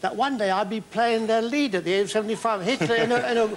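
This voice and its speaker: A man's voice: high voice, fast talker, slight background noise. A man in his seventies, a comedian guest on a television talk show, telling anecdotes in a rambling, playful way with stammering restarts. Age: 70s. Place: television studio with live audience. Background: audience laughter.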